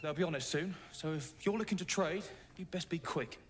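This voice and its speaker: A man playing a jumpy, high-voiced smuggler. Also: fairly quick, close to an everyday voice. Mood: urgent. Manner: urgent, clipped. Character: jumpy male smuggler, hiding and hurried. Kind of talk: video game voice acting.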